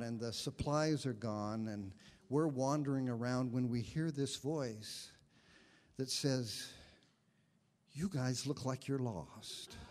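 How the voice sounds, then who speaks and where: A man preaching as a guest minister, telling a story with gentle humor. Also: mid-range voice, in a large hall. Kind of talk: sermon. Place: congregation sanctuary.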